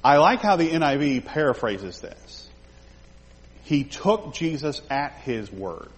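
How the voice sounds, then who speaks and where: A man's voice: on the high side, sing-song, slow pace, long reverb tail. A man teaching a Bible study, talking the group through a passage and acting out the quoted lines in character.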